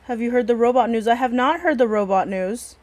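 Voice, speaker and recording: A woman's voice: fairly high pitch, a little fast, a little mellow. A woman hosting a stream in casual chat, blunt and profane, rambling with many restarts. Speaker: stream host.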